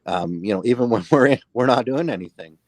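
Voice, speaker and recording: A man speaking in a measured, halting way as a guest in casual chat. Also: mid-range voice, expressive, darkish tone, no room sound.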